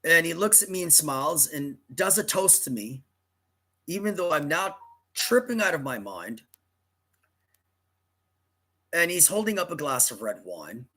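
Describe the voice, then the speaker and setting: Husky man telling a rambling story. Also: a little high, very animated, normal speed, bright, forceful tone. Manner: rambling, dramatic, self-correcting. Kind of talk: casual personal storytelling.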